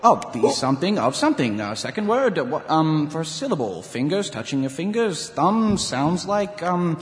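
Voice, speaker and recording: A man's voice: a little high, very animated, moderate pace, big-room sound. An actor playing an earnest young watchman who stammers and guesses aloud. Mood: eager.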